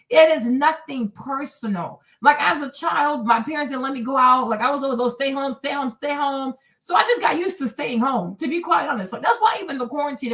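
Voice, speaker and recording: A woman in her forties hosting a candid solo livestream, talking emphatically and with animation, swinging between shouting and low asides. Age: 40s. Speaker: livestream host.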